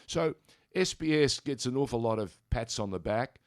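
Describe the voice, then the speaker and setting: An older Australian man from Sydney, a radio interview guest in a studio, telling animated stories and mimicking voices as he goes. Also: medium pitch, normal speed, no echo. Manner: animated storyteller who mimics voices in anecdotes.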